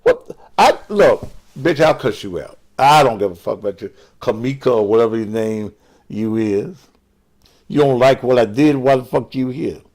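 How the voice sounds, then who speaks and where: A man's voice: mid-range voice, animated, normal speed, darkish tone. An older man hosting an online show, cursing and taunting commenters in a combative rant. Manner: crude, combative, cursing, mocking. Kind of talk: profane live-stream rant.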